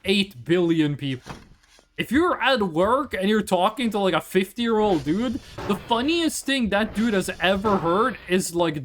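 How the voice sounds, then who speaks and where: Young male streamer, high and animated, casual profane storyteller. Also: slight background noise. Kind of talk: casual chat while gaming.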